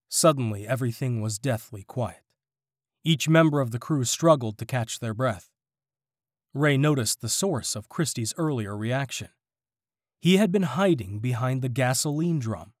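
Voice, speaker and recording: A male narrator reads a story aloud in a steady, expressive way. His intonation is very lively. The recording is dry and close. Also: medium pitch, normal speed, dry recording. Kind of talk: audiobook narration.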